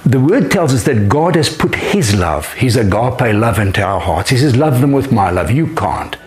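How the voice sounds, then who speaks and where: A man's voice: medium pitch, sing-song, moderate pace, a little mellow, soft background music. An older man preaching a sermon as pastor, lifting his voice on key phrases. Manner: emphatic, rising on key phrases.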